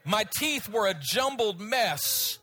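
A middle-aged man preaching a sermon in a storytelling way, swinging from loud pleading to hushed, low speech. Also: huge pitch swings, takes it slowly, husky, faint music behind.

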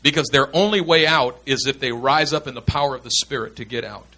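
A man's voice: medium pitch, fairly quick, bright, forceful tone. A man teaching in a sermon style, earnest and emphatic, repeating his key points. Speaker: pastor teaching pastors.

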